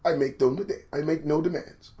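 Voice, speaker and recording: A man's voice: fairly high pitch, fairly even intonation, normal speed, warm tone. A middle-aged man hosting a live-stream commentary show, rambling and profane, greeting chat viewers by name. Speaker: host.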